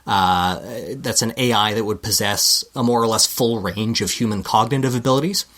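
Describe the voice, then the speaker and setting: A man's voice: lowish voice, moderate pace, fairly bright tone. A man with a Canadian accent, a podcast co-host reading a scripted segment with dry, self-deprecating asides.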